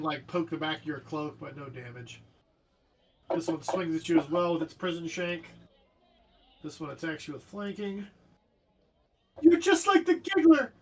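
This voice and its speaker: A man narrating a tabletop game as game master, animated and jokey, describing the action vividly. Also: fairly high pitch. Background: faint background music.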